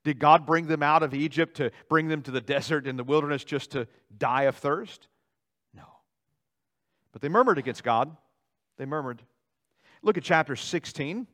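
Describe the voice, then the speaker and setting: A male pastor preaching a sermon in a church, animated, swinging between loud dramatic outbursts and quiet asides. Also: a little high, moderate pace, long pauses. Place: church sanctuary.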